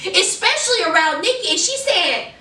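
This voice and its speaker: A high, animated woman talks slowly and chattily, calling her viewers honey and y'all. Her voice is bright, and it sounds roomy because the mic is set back from her. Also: far from the mic. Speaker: gossip vlogger. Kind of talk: casual celebrity gossip.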